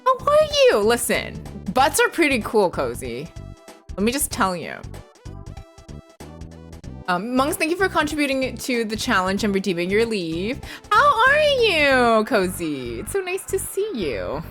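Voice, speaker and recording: A woman streamer chatting casually with her viewers while playing a game, giggly and excitable, squealing when she greets people. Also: medium pitch, unhurried, faint music behind. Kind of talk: casual livestream chat with viewers.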